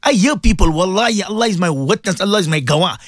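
A man's voice: high voice, lively intonation, fast talker, a bit bright, no room sound, clean studio sound. Fervent South African man preaching on radio. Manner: fervent, repetitive, exhorting. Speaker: religious radio presenter. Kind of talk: impassioned radio sermon.

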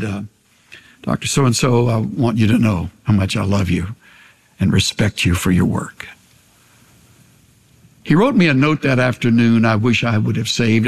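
Older male pastor, earnest sermon, hushed to raised, long hall reverb. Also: fairly high pitch.

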